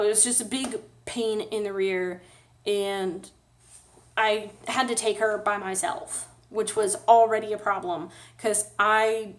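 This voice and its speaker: Woman vlogger, rambling and sad, with nervous little laughs while she talks straight to camera. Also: mid-range voice. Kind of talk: casual personal vlog.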